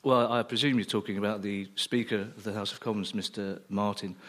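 A man's voice: on the low side, fairly even intonation, a little fast, a bit bright. A man on a comedy panel telling dry comic anecdotes. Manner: dry storytelling.

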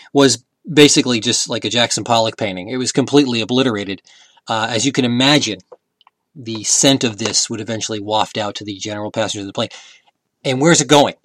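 A man telling comic stories in an animated, sarcastic way, with rambling restarts and bursts of loud emphasis. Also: mid-range voice. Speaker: comedic commentator. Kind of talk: comedic storytelling.

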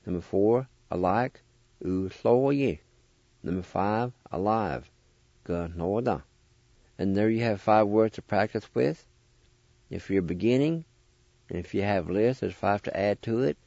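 Male radio host, language lesson; slow, careful spelling and syllable drills; dark, dry, dull lo-fi. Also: fairly low pitch, gravelly, dry recording. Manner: slow, deliberate, spells words letter by letter and repeats syllables.

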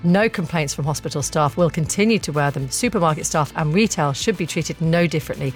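Low-voiced female radio host. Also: faint music behind. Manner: brisk and chatty. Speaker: radio breakfast show host. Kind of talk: live talk radio, reading out listener texts. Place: radio studio.

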